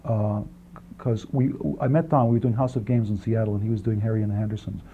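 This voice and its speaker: A man being interviewed about his film work, talking quickly in long rambling answers with many restarts and asides, on an old archival tape. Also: lowish voice, steady tone. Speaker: film writer and director, interview guest. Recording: dull archival 1980s interview tape, faint hiss.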